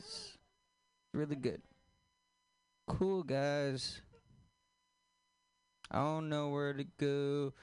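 A man doing a stand-up comedy set, deadpan, with crude punchlines and questions thrown at the audience. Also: on the high side, slight background noise.

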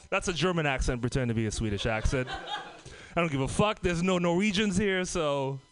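A man's voice: a little high, expressive, a little fast, a crowd in the background. A man from Trinidad and Tobago doing a stand-up comedy set, swearing freely and laughing through his lines.

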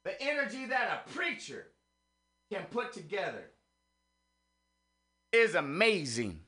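A man hosting a radio show, delivering an impassioned, preacher-style monologue that swings from hushed murmurs to rising exclamations, a little out of breath. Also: high voice, huge pitch swings, slow pace, slightly rough. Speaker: radio host.

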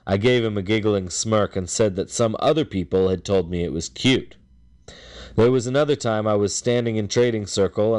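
A man slowly reading aloud his own first-person memoir. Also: on the low side, darkish tone, smooth, no echo.

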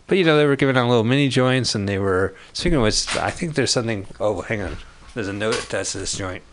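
Guy with a lowish voice, rambly joke-telling banter, casual studio chat. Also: animated, fast. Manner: rambling, tells jokes with put-on voices. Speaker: comedian guest. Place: radio studio.

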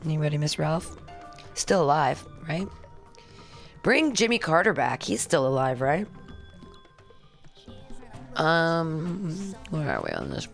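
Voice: medium pitch, wildly swooping pitch, slow pace, vocal fry, pauses often, a bit bright, faint music behind. A radio host doing a sarcastic, rambling political monologue with jokey asides and reading a document aloud in a studio.

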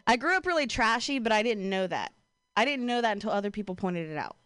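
A woman's voice: mid-range voice, expressive, quick pace, a bit bright, clear, resonant tone, dry recording, studio quality. A young woman from Ohio doing a stand-up comedy set, casual and profane, full of "like" and "you know", self-deprecating. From Ohio, USA.

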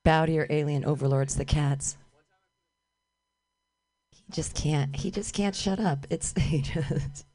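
A woman's voice: sits low, measured pace, pauses often, warm tone. A woman performing stand-up comedy outdoors on a street corner. She calls out to people walking past and makes fun of herself. Her voice sounds dry, with no echo. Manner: calls out to passers-by, self-mocking.

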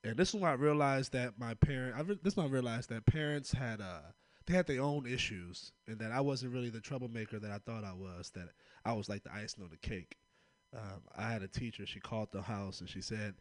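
A young man from Oakland tells stories on stage in a loose, rambling way and laughs often. His voice sits at a middle pitch, and the sound is dry and close, with no room echo. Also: a little fast. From Oakland, California. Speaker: stand-up comedian. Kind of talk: stand-up comedy set.

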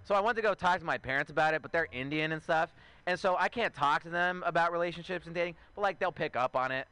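A man's voice: a little high, fast, sharp tone, clean tone, no room sound. A man in his twenties performing a stand-up comedy set, chatty and self-mocking, riffing with asides to the crowd. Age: 20s. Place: outdoor show.

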